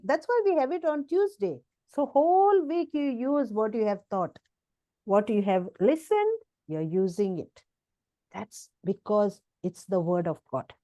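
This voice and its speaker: A woman's voice: a little high, warm tone, no echo. A woman teaching children about the Bible, coaxing them along, repeating phrases and often checking that they are listening.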